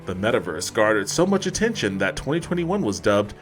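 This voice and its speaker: A man's voice: fairly low pitch, big pitch swings, fairly quick, soft background music. A man co-hosting a casual podcast, chatting and reading a corporate letter aloud while laughing often. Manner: laughs often, breaks into giggles mid-sentence. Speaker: podcast co-host. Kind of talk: casual podcast chat and mock-formal reading.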